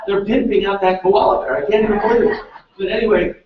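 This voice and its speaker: A man's voice: high voice, steady tone, fast talker, noisy background. A man presenting a live seminar, energetically quizzing his audience and urging them on. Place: large seminar hall. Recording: echoey room, distant lo-fi mic.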